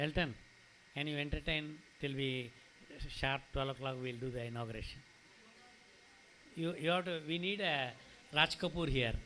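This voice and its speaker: A middle-aged eye doctor with an Indian English accent gives a loose, rambling, conversational talk at a clinic opening in an event hall, pausing to address people by name. He is emotional and near tears. His fairly high, sharp-toned voice comes through poor audio with slight background noise.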